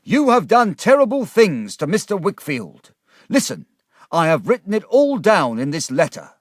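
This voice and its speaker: A man voicing an excitable, dramatic middle-aged gentleman who declaims loudly. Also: high-pitched, moderate pace, dry recording, studio quality, voice pushed up, full character voice. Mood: accusing. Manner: loud, declaiming.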